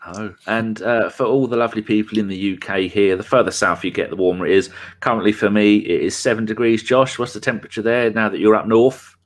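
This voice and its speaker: A man's voice: lowish voice, steady tone, fairly quick, few pauses. A man from England hosting a casual football podcast, teasing his co-hosts and joking with listeners. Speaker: podcast host.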